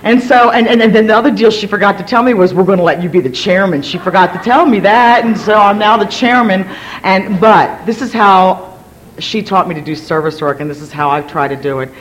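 An energetic woman from Virginia shares her story with a gathering, talking in a hyper, rambling way full of restarts and self-mocking asides. Her voice sits at an ordinary middle pitch. A faint low rumble runs underneath the recording. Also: a little fast, low-quality recording. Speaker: speaker sharing at a recovery gathering. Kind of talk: personal story told to a gathering.

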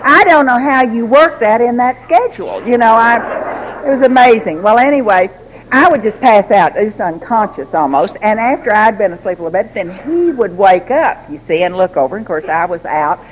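A woman telling a personal story to a recovery group, lively and laughing, acting out the voices she quotes. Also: medium pitch, moderate pace, slight background noise, low-quality recording. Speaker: recovery meeting speaker.

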